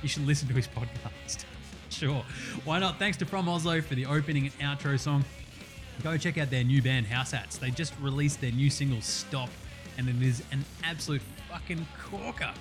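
Profane, joking Australian podcast host. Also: male voice, fairly high pitch, moderate pace, over music. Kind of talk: casual sports podcast chat.

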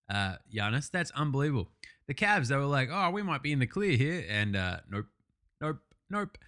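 A man hosting a casual sports recap, ranting excitably and swearing a lot. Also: medium pitch. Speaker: podcast host.

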